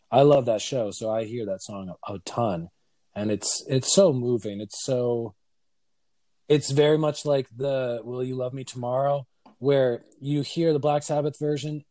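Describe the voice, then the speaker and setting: Dude on a music podcast, mellow voice, dry sound, tells the backstory slowly. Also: male voice, medium pitch, dry recording. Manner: thoughtful, storytelling, halting fillers. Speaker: podcast co-host. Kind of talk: casual music discussion.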